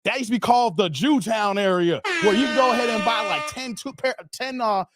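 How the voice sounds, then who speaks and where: A man hosting a casual livestream, animated and laughing often as he talks straight to his viewers. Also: high-pitched, fairly quick, music in the background. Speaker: channel host.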